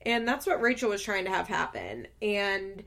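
A woman telling a story in a casual, chatty way, animated and quick to laugh, full of filler words. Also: medium pitch, creaky. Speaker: show recapper.

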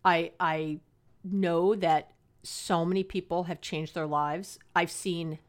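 Speaking slowly in a lowish voice with fairly even intonation, a middle-aged woman who works as a counselor talks through her advice podcast. The casual monologue is chatty, earnest and passionate, and she laughs at herself along the way.

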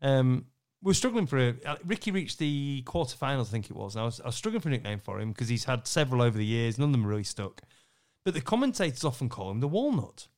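A man's voice: medium pitch, fast talker. Guy chatting on a podcast, voice jumps all over, keeps cracking up telling stories. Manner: animated storyteller, laughs often, acts out quotes. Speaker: podcast co-host, snooker MC. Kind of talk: anecdotal podcast chat.

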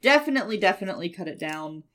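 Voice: mid-range voice, rapid-fire. Rambling podcast co-host, casual. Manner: relaxed, rambling, trailing off with fillers. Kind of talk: casual chat.

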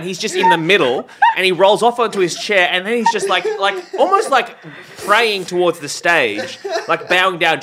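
A man from Australia, a comedian hosting a podcast, telling stories in animated, laughing banter. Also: high voice, very noisy. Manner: animated, laughing, swearing storyteller.

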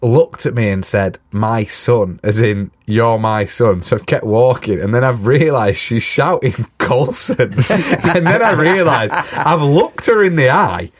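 A man's voice: mid-range voice, expressive, measured pace, hardly any pauses. A man rambles through a self-mocking story on a casual podcast. His voice rises and falls freely as he goes. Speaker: podcast co-host. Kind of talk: casual chat.

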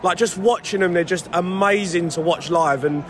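A man's voice: high-pitched, normal speed. An English man, a former footballer, being interviewed on the street, overwhelmed and repeating himself, calling the interviewer mate. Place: outdoors in a city street after a match. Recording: street crowd noise behind.

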